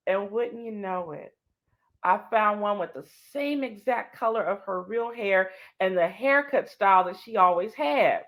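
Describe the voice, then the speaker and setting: A woman's voice: mid-range voice, a little slow, muffled recording. A woman, a guest on an interview show, telling a personal story with feeling and acting out the voices of the people in it. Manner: animated, acts out dialogue. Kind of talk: emotional storytelling.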